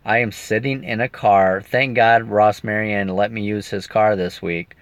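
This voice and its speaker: Sitting in a car, a man gives his viewers a rambling, emotional casual video update, pausing now and then to read their comments. His voice is on the low side, fairly even and a little slow, with no echo and dull lo-fi sound.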